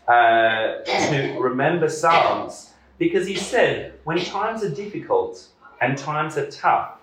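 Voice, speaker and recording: A man's voice: medium pitch, a bit bright, echoey room, low-quality recording. A man, a church elder, giving a conversational sermon with many hesitant fillers.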